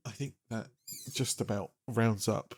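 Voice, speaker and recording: A man's voice: on the low side, steady tone, a little slow, breathy edge. A young man co-hosting a podcast, rambling casually and poking fun at himself. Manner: rambling, self-deprecating, swears casually. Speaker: podcast co-host. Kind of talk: casual chat.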